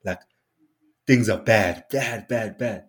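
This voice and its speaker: A young South African man with a South African accent, chatting casually on a podcast in a relaxed, slangy way, often laughing. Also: on the low side, slow pace. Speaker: podcast co-host. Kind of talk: casual chat.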